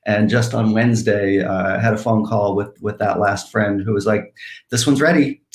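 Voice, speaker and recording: A man's voice: lowish voice, flat delivery, moderate pace, echoey room. A man, a writer, speaking thoughtfully with some hesitation on a conference panel. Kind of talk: casual panel conversation.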